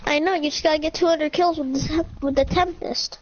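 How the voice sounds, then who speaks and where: High-voiced teasing girl gamer. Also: fairly even intonation, brisk, crowd noise. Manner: teasing, bossy, jokingly threatening. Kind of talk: casual chat while playing an online shooter. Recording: muffled lo-fi mic with loud clicking noise.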